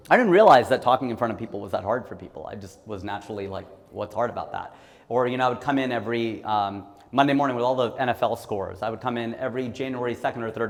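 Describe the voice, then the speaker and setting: A man in his forties from Ohio, giving a live motivational talk in a playful, self-mocking storytelling way. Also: mid-range voice. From Ohio, USA. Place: talk room or hall with an audience. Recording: long hall reverb.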